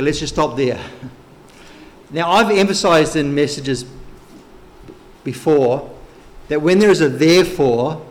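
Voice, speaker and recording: A man preaching a sermon, teaching slowly and emphatically through Bible verses. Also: on the high side. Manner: slow, emphatic Bible teaching with occasional light laughs.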